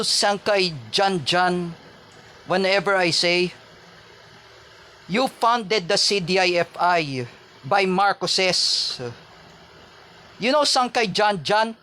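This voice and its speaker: A man's voice: high-pitched, sharp tone. A man with a Filipino accent, a vlogger ranting angrily and repetitively at a rival, stressed and insulting. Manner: angry, repetitive, insulting rant with frequent pauses. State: stressed and angry. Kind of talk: angry ranting vlog.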